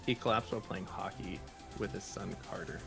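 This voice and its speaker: Low gravelly guy, co-host, dry wisecracks, faint music behind. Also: steady tone, fairly quick. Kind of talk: casual chat.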